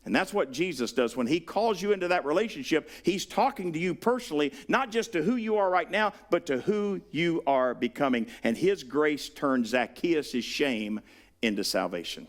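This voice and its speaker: Man, Southern US accent, pastor, sermon, animated delivery, swooping pitch. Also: normal speed. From Southern United States. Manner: animated preaching, acts out quoted voices.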